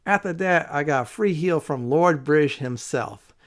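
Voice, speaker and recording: A man's voice: fairly high pitch, animated, moderate pace. A man hosting a casual let's play video, rambling through his gameplay commentary with frequent "uh" fillers.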